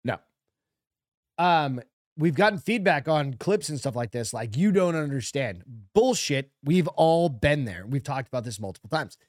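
A man's voice: fairly high pitch, normal speed, dry recording, clean studio sound. A man in his forties co-hosting a podcast, talking bluntly and with lots of swearing in casual chat. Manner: blunt, profane, animated. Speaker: podcast co-host.

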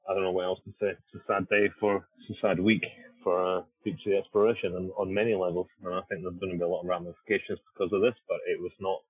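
Männlicher Co-Host, tiefe, belegte Stimme, plaudert sprunghaft über eine trockene Satellitenleitung. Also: male voice, sits low, breathy edge, no echo. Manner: rambling and repeats himself. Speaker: podcast co-host, deep-sea scientist. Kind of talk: casual talk over satellite link. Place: research ship at sea. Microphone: satellite internet call. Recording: narrow phone-like call line.

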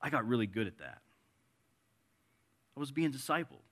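A man preaching a sermon in a conversational way, moving between soft and emphatic delivery and reading scripture passages aloud. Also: mid-range voice, very animated, normal speed, husky.

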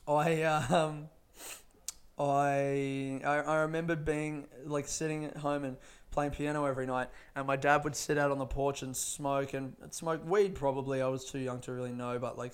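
A young man rambling through a personal childhood story in casual, profane chat, often laughing as he talks. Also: mid-range voice.

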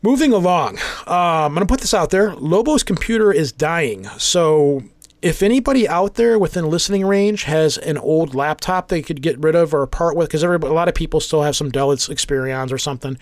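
Man in his forties, podcast host, rapid rambling storyteller, slightly raised pitch. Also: lively intonation, no echo, studio quality. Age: 40s. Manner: rapid, rambling storyteller who acts out dialogue. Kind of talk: casual chat, storytelling.

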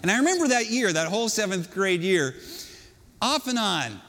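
Male pastor, high voice, animated storyteller, reverberant hall. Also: moderate pace. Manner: storytelling, animated, self-mocking. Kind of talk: sermon.

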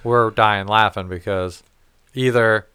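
A man's voice: on the low side, steady tone, slow, pushed and bright, smooth, dry recording. Profane, rambling storytelling man. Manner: profane, rambling, acts out quoted voices. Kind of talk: casual storytelling chat.

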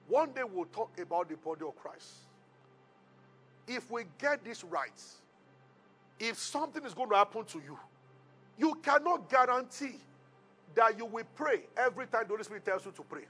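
Male preacher, storytelling sermon, high and bright, soft music bed. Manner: storytelling preacher, animated retelling with call-and-response. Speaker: pastor.

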